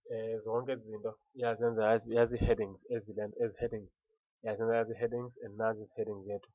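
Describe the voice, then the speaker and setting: A man with a Xhosa accent walking through a software tutorial, switching between Xhosa and English and stopping to restart words often. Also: mid-range voice, dry recording, muffled recording. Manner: mixes Xhosa and English, halting with many restarts. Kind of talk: screen-recorded software tutorial.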